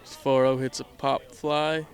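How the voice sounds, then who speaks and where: A man's voice: mid-range voice, little pitch movement, slow. A young man giving casual, rambling baseball commentary outdoors, tired and self-mocking, trailing off now and then. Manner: laid-back, rambling, self-mocking, trails off mid-sentence.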